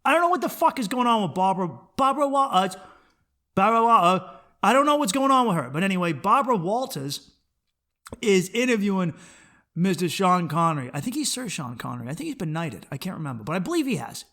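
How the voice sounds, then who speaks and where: A man's voice: sits high, sing-song, fast talker, fairly bright tone. A man hosting a comedy podcast alone, ranting bluntly and swearing a lot. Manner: profane, blunt, opinionated. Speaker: podcast host. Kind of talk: solo comedic rant.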